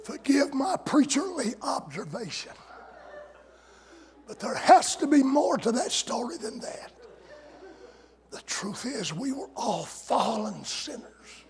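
A man preaching a folksy, sarcastic sermon that builds to shouted climaxes. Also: extremely high pitch, sing-song, slow, long pauses.

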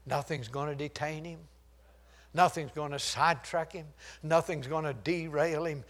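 Older preacher, shouting and hushing. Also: male voice, fairly high pitch, unhurried. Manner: swings from shouted preaching to hushed storytelling; chuckles at his own jokes. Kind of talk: sermon.

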